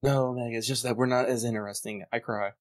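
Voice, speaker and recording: A man co-hosting a podcast in casual chat, making wry, deadpan jokes. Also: fast, no room sound, studio quality. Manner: wry, deadpan jokes and lively swings in pitch. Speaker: podcast co-host.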